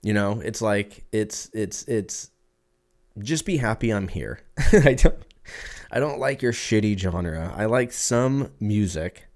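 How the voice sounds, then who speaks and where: A podcast host speaks slowly in a fairly low, darkish voice that's still animated. His casual story wanders and is full of cursing, and he performs other people's lines as he tells it.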